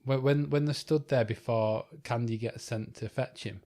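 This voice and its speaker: A man's voice: mid-range voice, steady tone, normal speed, dark tone. A young man co-hosting a podcast, talking casually and hesitantly, often restarting his sentences with fillers. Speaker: podcast co-host. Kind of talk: casual chat.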